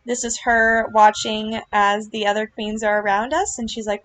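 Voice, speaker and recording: A woman giving casual reaction commentary on a video, gushing and earnest, with lots of fillers and quick apologies. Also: on the high side, steady tone, fairly bright tone. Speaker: vlogger reacting to her club's riding routine.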